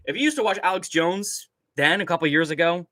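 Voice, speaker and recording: A fairly quick young adult male speaker with a high, sharp voice is heard in a dry recording. He hosts a casual livestream where he reads chat, rants and rambles, swears constantly, and laughs often.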